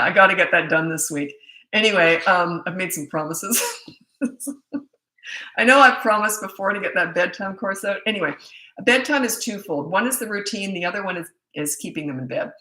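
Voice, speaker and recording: Middle-aged woman from Canada, parenting coach on a live stream, bright, firm, no-nonsense delivery in a roomy space. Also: fairly low pitch. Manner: brisk, direct, reads viewer questions aloud. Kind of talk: live Q&A, casual advice. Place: room at her computer. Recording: echoey room.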